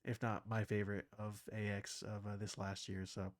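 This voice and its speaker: A man with a lowish voice rambles casually to his viewers, restarting sentences and getting visibly excited like a fan. His voice sits dry and close, with no room sound around it. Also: normal speed, no echo. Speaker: anime reaction channel host.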